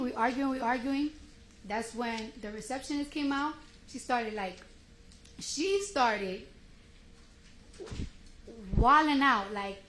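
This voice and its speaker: Woman on the witness stand, animated casual retelling, voice a touch high, roomy courtroom sound. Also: a little slow, pauses often. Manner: animated retelling, acting out both sides of the argument; casual slang-heavy speech. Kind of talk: courtroom testimony. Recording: echoey courtroom audio, faint hiss.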